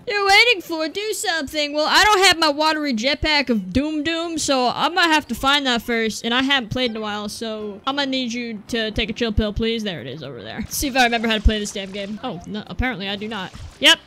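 Excitable high-voiced woman gamer. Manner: excitable, sarcastic, talks back to the game characters. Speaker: gameplay commentator. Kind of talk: let's play commentary.

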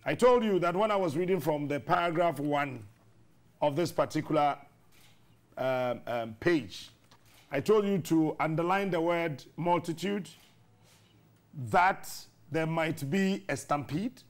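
A Ghanaian morning show host reads passages from a book aloud and lectures his viewers about reading. His voice sits a little high, and his manner is earnest. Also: animated, measured pace. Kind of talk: reading aloud from a book, then interview chat.

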